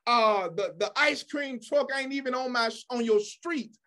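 A preacher playing a slow, dismissive dad. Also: male voice, extremely high pitch, bright, forceful tone, exaggerated voice. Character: calm, dismissive father.

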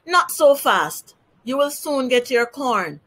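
A woman's voice: high voice, big pitch swings, slow, fairly bright tone, pitched above the performer's own voice, full character voice. A woman doing sly trickster Anansi. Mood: coaxing.

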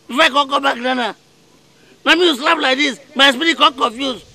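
A man with a Nigerian accent acting in a comedy film, loud, whiny and melodramatic, with light music behind him. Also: very high-pitched, brisk, creaky. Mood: ranting. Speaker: comic lead actor. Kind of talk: Nollywood comedy acting in Pidgin.

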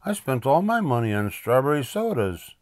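A man's voice: medium pitch, sing-song, moderate pace, no echo, studio quality, voice pushed up, lightly acted. An older man voicing an earnest young aardvark schoolboy who sounds worried and sincere.

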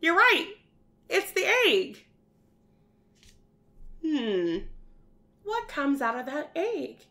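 A woman's voice: high-pitched, big pitch swings, drawn-out words, pushed and bright. A woman teaching a virtual preschool science lesson, asking young children lots of questions and praising their answers in a sing-song teacher manner.

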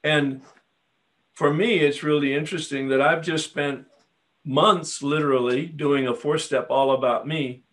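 A man with a somewhat raised speaking pitch leads a recovery workshop. His talk is unhurried and reflective, and he affirms others with a quiet "yeah" as he teaches. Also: fairly even intonation. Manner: unhurried, affirming, often answers with a soft "yeah". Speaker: workshop facilitator.

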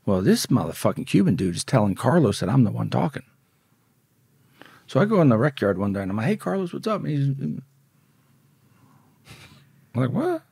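A man's voice: on the low side, normal speed, vocal fry, long pauses, husky, no echo. A man telling his story in an interview, swearing a lot and acting out the voices of the people in it. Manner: profane, animated, acts out quoted dialogue. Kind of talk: casual storytelling.

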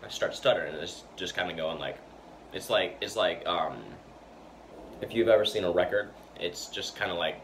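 A man's voice: sits low, moderate pace, fairly bright tone. A man vlogging in a loose, rambling way, stuttering and repeating words, with plenty of fillers and restarts. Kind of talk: casual rambling talk to camera. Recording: noisy background hiss.

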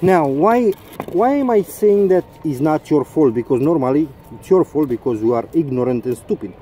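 A man's voice: on the high side, mellow, a little hiss or hum. A man, an English speaker ranting in a mocking, sarcastic vlog and swearing often. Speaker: vlogger.

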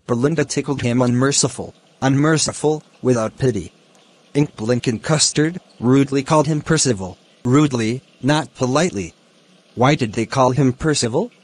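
A man teaching a poem, explaining its lines and word meanings slowly and deliberately. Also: mid-range voice, slightly rough. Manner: slow, deliberate, glossing words one by one. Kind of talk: educational explanation.

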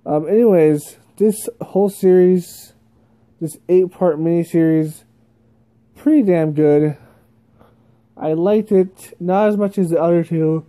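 Rambling young guy with a dark voice. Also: sits high, takes it slowly, dry recording. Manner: rambling, laughs often, many fillers. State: sleepy, yawning. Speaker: YouTube reviewer. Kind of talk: casual cartoon review.

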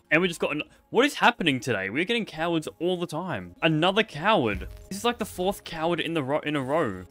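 A man's voice: medium pitch, a bit bright. A young man giving playful, jokey commentary over a video game, chatting to the creatures on screen as he plays. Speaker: gaming video host. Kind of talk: casual gameplay commentary.

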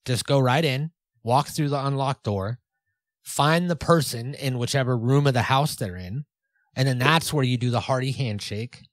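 A man's voice: medium pitch, normal speed, no room sound, clean studio sound. A man co-hosting a comedy podcast, playfully leading the bits with mock instructions and a joke ad read. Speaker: podcast co-host.

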